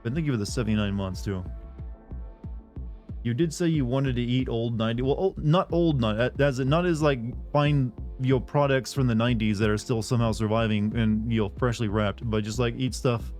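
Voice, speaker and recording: Guy streaming, joking around w chat, mid pitch, bit of music behind. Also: brisk, darkish tone. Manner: sarcastic, joking, rambling. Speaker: live streamer. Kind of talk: casual live-stream chat with viewers.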